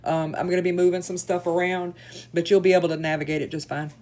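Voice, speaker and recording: A woman's voice: fairly low pitch, little pitch movement, quick pace, a little mellow. A woman hosting a live stream, blunt and taking charge. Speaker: livestream host.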